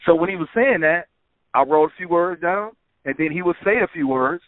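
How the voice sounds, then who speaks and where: A man guest telling relaxed stories about making records, filling his talk with "man" and "you know". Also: a little high, a little fast, no echo. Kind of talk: casual interview storytelling. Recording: phone-like narrow sound.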